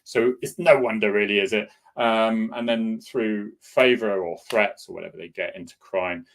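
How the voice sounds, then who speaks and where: A man's voice: fairly low pitch, normal speed. A middle-aged man, a former police officer, hosting a casual solo chat in a rambling, opinionated way. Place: home in Cornwall.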